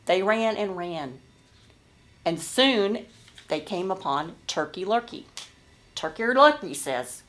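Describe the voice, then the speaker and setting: A woman tells a children's story during a worship service. Her voice sits a little low, and her delivery is gentle and unhurried. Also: expressive. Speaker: worship leader.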